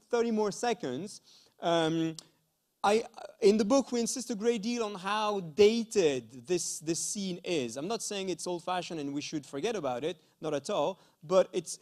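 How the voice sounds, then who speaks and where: High-voiced french guy giving a talk, lots of filler words and okay?, halting. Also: darkish tone. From France. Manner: hesitant, many fillers and restarts, checking in with "okay?". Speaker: university lecturer. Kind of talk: conference lecture. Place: school conference hall.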